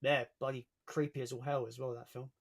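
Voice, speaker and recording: A man's voice: medium pitch, little pitch movement, fairly quick, gravelly, background noise. A young man hosting a livestream in casual chat, reading out viewer comments as he talks. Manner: chatty, reads out viewer comments. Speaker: livestream host.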